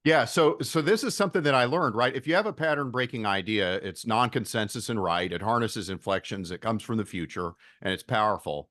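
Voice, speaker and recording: A man, a venture investor guest on a podcast interview, explaining ideas in a steady way and often repeating his opening words. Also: on the low side, brisk, hardly any pauses, dry recording, clean studio sound.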